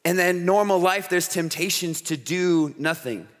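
A man preaching a youth sermon at a camp, telling stories in an animated way and checking in with the crowd with "okay?" and "all right?". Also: high-pitched, a little slow. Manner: animated storytelling with frequent "okay?" asides. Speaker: camp speaker. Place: large hall with an audience. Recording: hall reverb.

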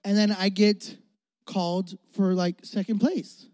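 A man's voice: high voice, a little slow, no echo, clean studio sound. A young man preaching as a pastor, telling a funny childhood story and acting out his younger self. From Florida. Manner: animated, jokey, acts out his younger self. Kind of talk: comic sermon storytelling.

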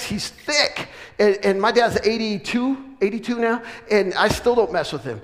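High-voiced preacher man in a big hall. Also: moderate pace. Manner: animated, joking, with laughs and sudden loud preaching. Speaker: pastor. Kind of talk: sermon with storytelling. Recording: long reverb of a large hall.

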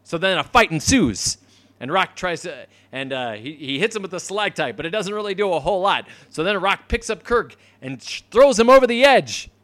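A man co-hosting a podcast, casually recapping an episode, laughing often and acting out lines in quick voices. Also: on the high side, expressive, a bit bright, no room sound. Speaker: podcast co-host.

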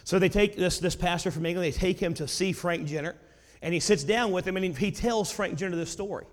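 A man preaching a sermon with a high voice, telling a story casually and then driving his points home with emphatic exclamations. His voice carries a long reverb, as in a church sanctuary. He sounds like a preacher in full storytelling flow. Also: brisk.

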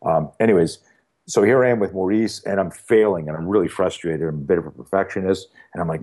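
A man talking as a podcast guest, telling a long story in a casual, animated way with many fillers and acted-out dialogue. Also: low-pitched, quick pace.

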